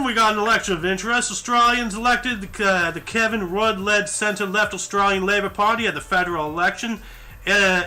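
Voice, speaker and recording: A man's voice: sits high, bright, forceful tone. A man hosting a casual podcast, reading historical events off a list and making chatty, joking asides. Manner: chatty, rattles off scores, jokey asides.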